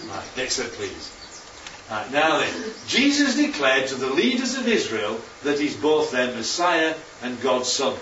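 Unhurried and fairly bright, his mid-range voice swoops wildly in pitch while he leads a casual Bible class with slides. He's chatty and keeps checking in with listeners, and the muffled, roomy hall recording is distant with slight background noise.

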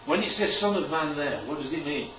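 Man preacher, lively and emphatic, fairly high voice, heard from a distance in a roomy hall with dull, muffled sound. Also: brisk, slight background noise. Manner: animated, emphatic, rhetorical "right?" asides. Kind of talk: sermon. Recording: echoey room, distant mic, dull sound.

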